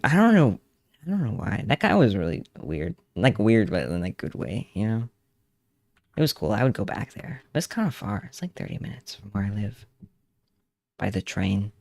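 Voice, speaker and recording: A man's voice: lowish voice, very animated, normal speed, gravelly, darkish tone, dry recording, clean studio sound. A young man streaming, chatting casually and rambling with laughs while he draws. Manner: rambling, laughing, hums along to songs. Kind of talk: casual livestream chat while drawing.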